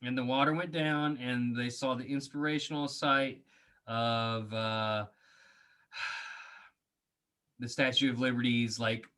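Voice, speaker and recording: A man's voice: medium pitch, level tone, takes it slowly, pauses often, bright, forceful tone. A man co-hosting a podcast, chatting casually and giving rambling, opinionated takes on a movie. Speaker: podcast co-host.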